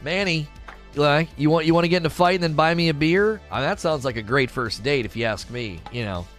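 A man's voice: on the high side, animated, fairly quick, fairly bright tone, soft background music. A man livestreaming in casual chat, teasing and bantering with his viewers as he reads their comments.

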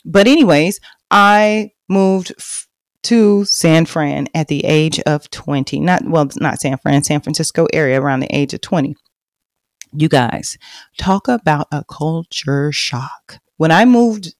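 A woman's voice: deep voice, no echo, studio quality. A woman, hosting a podcast and telling her own story in a chatty, confiding way. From Texas. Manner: chatty and confiding, lively and loud when bragging, hushed and reflective later. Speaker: podcast host. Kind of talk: personal storytelling monologue.

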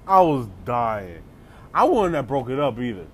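A man telling a comedic story in a casual, animated way, full of slang and laughing asides. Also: mid-range voice, normal speed, slight background noise.

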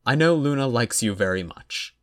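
A man voicing a calm middle-aged lord and father who lists his reasons in a measured, deliberate way. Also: medium pitch, voice pushed up, natural voice. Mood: persuasive.

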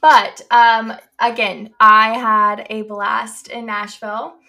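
A young woman co-hosts a casual podcast with a bright, clear tone. She talks in a loose, rambling way, full of "like" and "you know". She sounds relaxed and conversational. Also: on the high side, slow pace. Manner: chatty, many fillers like "like" and "you know". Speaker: podcast co-host. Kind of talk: casual chat.

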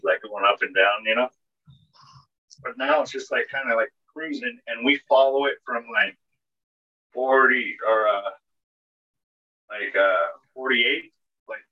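Husky rambling man. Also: mid-range voice, sharp tone. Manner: rambling, heavy filler words, swears. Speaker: podcast co-host. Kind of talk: casual storytelling. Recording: dull lo-fi podcast audio.

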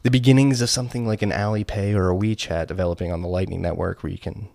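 Male podcast co-host, deep voice, loose rambling chat, dry close sound. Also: fairly even intonation, quick pace, creaky, darkish tone, no echo. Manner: laid-back, rambling with fillers. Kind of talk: casual chat.

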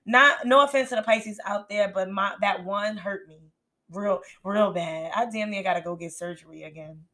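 A woman's voice: mid-range voice, normal speed, pushed and bright. A young woman co-hosting a podcast, telling a story in casual chat and laughing often. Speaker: podcast co-host.

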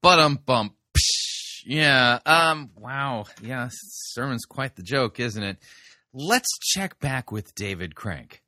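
A man's voice: mid-range voice, expressive, takes it slowly, sharp tone. A man hosting a sermon review, adding dry, sarcastic commentary between clips.

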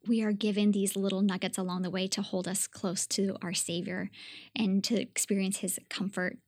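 Woman, 30s, devotional podcast host. Earnest and warm-hearted, with a level delivery and a dry, close sound. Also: medium pitch, dry recording. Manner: earnest and gentle, inviting listeners to reflect. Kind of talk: reflective devotional podcast talk.

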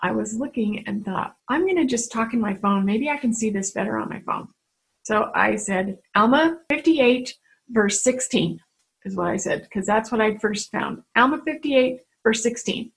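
A woman's voice: mid-range voice, moderate pace, gravelly, rough recording. A middle-aged woman giving an earnest personal devotional talk to women, telling stories and acting out the voices she quotes. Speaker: faith-based speaker addressing women.

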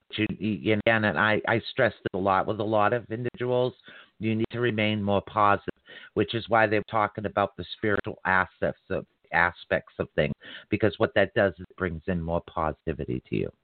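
A man's voice: lowish voice, fairly quick, no room sound. Chatty man on a tinny phone line. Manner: chatty, warm-toned addresses, laughs often. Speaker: psychic reader hosting a call-in show. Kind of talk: live call-in reading.

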